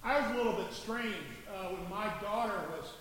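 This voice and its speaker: A man's voice: high-pitched, normal speed, fairly bright tone. A man preaching a sermon in a conversational, humorous way, with many asides. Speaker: pastor. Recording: echoey hall from far off, faint hiss.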